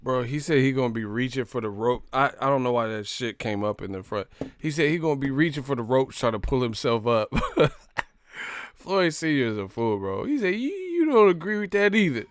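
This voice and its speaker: A man's voice: medium pitch, brisk, clear, resonant tone, dry recording. A man hosting a casual live stream, talking in a loose, slangy, profane way and laughing as he tells stories. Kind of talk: casual boxing talk.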